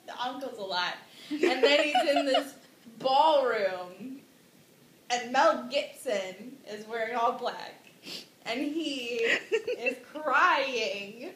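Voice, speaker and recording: Woman, high voice, rambling giggly storyteller; echoey room, faint hiss. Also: a bit bright. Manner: rambling, giggly, slow, with dramatic outbursts. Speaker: drunk storyteller. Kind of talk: tipsy comic retelling of a classic play.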